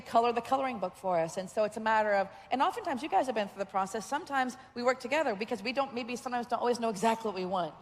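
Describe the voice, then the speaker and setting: A woman's voice: on the high side, slight background noise. A woman voice director chatting on a panel, talkative and laughing often. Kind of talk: panel conversation. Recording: echoey hall.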